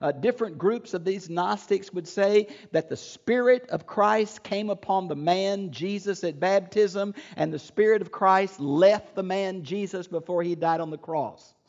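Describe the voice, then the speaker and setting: An older man teaching a Bible lecture in an earnest, emphatic way, his voice gravelly and pitched a little high. The recording sounds dull and lo-fi. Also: unhurried, hardly any pauses, darkish tone.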